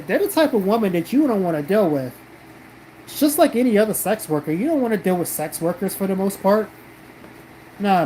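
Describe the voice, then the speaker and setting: Reading comments on his live stream, a South Carolina man talks bluntly and defensively, cursing as he goes. His voice is high-pitched with a darkish tone, the recording is rough, and a faint hum sits in the background.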